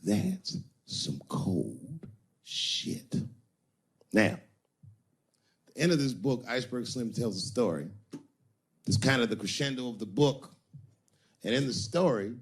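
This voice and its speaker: A male stand-up comedian telling a crude story in a punchy, animated way. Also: mid-range voice.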